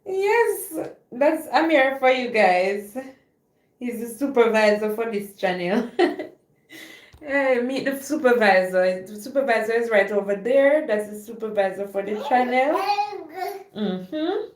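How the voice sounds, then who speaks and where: A young adult woman, chatting casually on a live stream and loudly urging her dog along between asides. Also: on the high side, lively intonation, a little slow.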